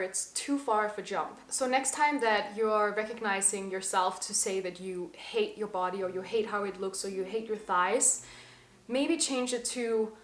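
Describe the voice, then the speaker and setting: A woman's voice: mid-range voice, a bit bright. Earnest young woman in an echoey room. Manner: earnest and emphatic, slowing on key words. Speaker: vlogger. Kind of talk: reflective personal monologue. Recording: slightly echoey room with faint music.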